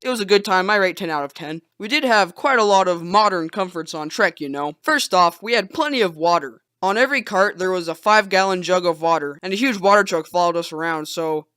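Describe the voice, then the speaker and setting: A teenage young man narrating a comedic storytime vlog in a sarcastic, animated, joking manner. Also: high-pitched, brisk, hardly any pauses, smooth, no echo, studio quality. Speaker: vlogger.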